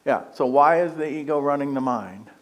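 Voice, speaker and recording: A man's voice: fairly high pitch, moderate pace. Joking male guest speaker at church. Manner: joking, engages the audience with questions. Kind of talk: conversational spiritual talk.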